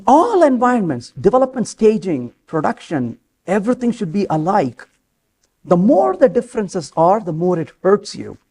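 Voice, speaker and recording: Lively high-voiced man giving a tech talk. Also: moderate pace, slightly rough. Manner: animated storytelling, acts out quoted dialogue. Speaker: conference speaker. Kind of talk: live technical talk. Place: conference stage.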